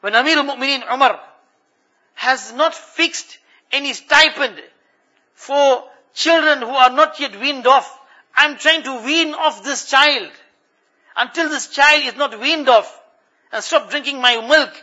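A man's voice: extremely high pitch, pushed and bright, pitched above the performer's own voice, exaggerated voice. A male preacher voicing a poor, distressed mother pleading her case in a retold story. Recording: muffled lo-fi recording.

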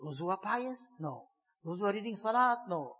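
Male preacher, high husky tone, emphatic sermon delivery that swings between fervent stress and hushed passages. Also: very animated, moderate pace. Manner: emphatic, swelling to fervent stress, then dropping soft and low. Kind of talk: sermon explaining scripture.

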